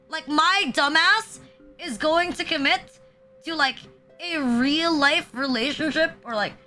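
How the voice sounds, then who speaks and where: A young woman chats on a home live stream, crude and rambling, her words piled with fillers and frequent laughs. Her voice sits high and sounds bright. Faint music plays underneath. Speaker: VTuber streamer. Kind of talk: casual live-stream chat.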